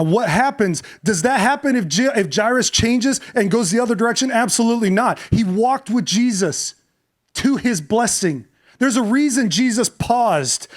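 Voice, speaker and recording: High-voiced male pastor preaching dramatically. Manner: dramatic storytelling, acting out voices and shifting from hushed to loud. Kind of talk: sermon.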